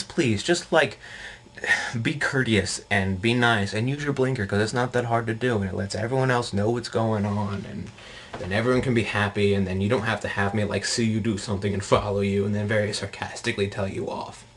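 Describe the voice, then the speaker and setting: A young man video blogger telling a story casually, rambling and animated, with lots of fillers. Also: fairly low pitch, a little fast.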